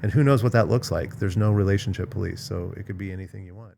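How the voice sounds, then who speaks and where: A man's voice: deep voice, quick pace, creaky, dark tone, slight background noise. A middle-aged man hosting a casual podcast conversation, speaking frankly and with emphasis, sometimes swearing. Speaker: podcast host.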